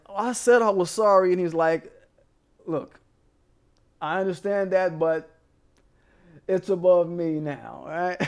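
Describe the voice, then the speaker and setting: A man with a voice on the high side hosts a casual commentary show, laughing as he tells a story in a profane, animated way.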